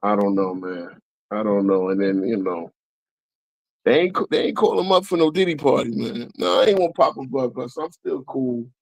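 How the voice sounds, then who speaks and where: Dude yelling at the game on a live stream, dry close sound, cusses a lot. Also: male voice, mid-range voice, moderate pace, gravelly, no room sound, low-quality recording. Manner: excitable, yells at plays, swears. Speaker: livestream host. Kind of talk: casual sports watch-along chat.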